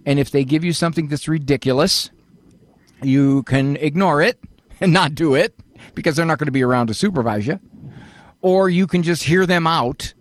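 A man's voice: a little high, normal speed, no room sound. An older man hosting a call-in advice show, folksy and fatherly, often acting out what other people say. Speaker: radio call-in host, psychologist.

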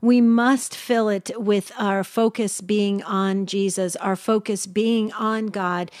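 A woman hosting a call-in radio show, warmly enthusiastic and heaping praise on her caller. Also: mid-range voice, steady tone, slow pace, no room sound, clean studio sound.

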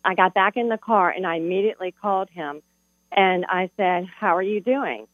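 A woman's voice: on the low side, moderate pace, no room sound. A middle-aged woman calling in to a radio show, telling a heartfelt personal story. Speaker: caller. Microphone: telephone. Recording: tinny phone line with hum.

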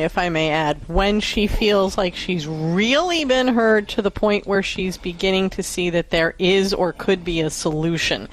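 A woman co-hosting a call-in advice show, calmly adding her own points to the advice. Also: on the low side, poor audio. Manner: calm, adds points to her co-host's advice. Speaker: radio advice co-host.

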